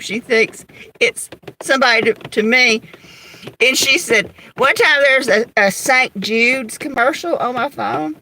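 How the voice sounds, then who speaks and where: A woman's voice: on the high side, bright, forceful tone, a little hiss or hum, poor audio. A middle-aged woman hosting a livestream, chatting casually, telling stories about home life and greeting viewers by name between laughs. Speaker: livestream host.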